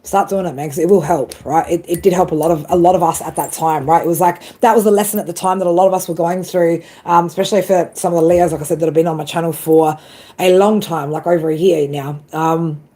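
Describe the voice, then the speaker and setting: A woman's voice: fairly low pitch, steady tone, quick pace, mellow. Woman doing a live tarot read, swears a lot, keeps saying right and man, rambles and restarts. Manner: frequent laughs and self-corrections. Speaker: tarot reader. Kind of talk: casual live tarot reading.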